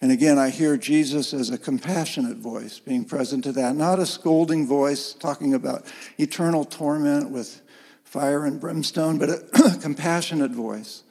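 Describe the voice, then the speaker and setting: A man preaching a sermon in an earnest, gently emphatic way, heard in a church sanctuary. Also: on the high side, normal speed, big-room sound. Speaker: pastor.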